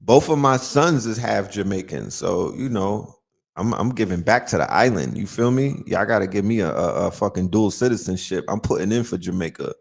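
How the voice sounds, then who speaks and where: A man's voice: lowish voice, lively intonation, normal speed, gravelly. A man hosting a casual live-stream chat, joking around and tagging lines with "you know what I'm saying". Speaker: host.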